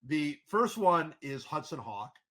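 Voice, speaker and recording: A male podcast host with a lively, swooping delivery, often restarting his sentences as he thinks aloud. His voice is a little husky and sits slightly high for a man. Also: slow pace. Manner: animated, rambling with many restarts. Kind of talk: casual chat.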